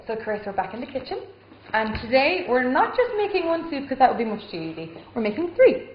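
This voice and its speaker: A woman's voice: high voice, very animated, a little fast, soft background music. A woman presenting a cooking segment on local TV, upbeat and enthusiastic. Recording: lo-fi TV audio with room noise.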